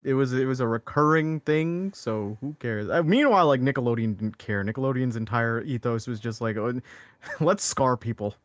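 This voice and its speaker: A man's voice: mid-range voice, fairly quick, few pauses, dry recording. A young man chatting casually as co-host, rambling with lots of fillers and restarts. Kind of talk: casual chat.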